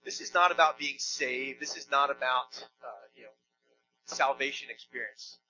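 A man's voice: mid-range voice, moderate pace, vocal fry, bright, forceful tone, highs cut off. A man preaching a sermon in a church, conversational and emphatic, with joking asides. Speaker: pastor.

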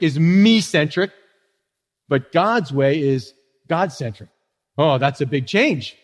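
Male pastor, high voice, casual preaching with rhetorical questions, long echo of a church hall. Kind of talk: sermon. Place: church sanctuary.

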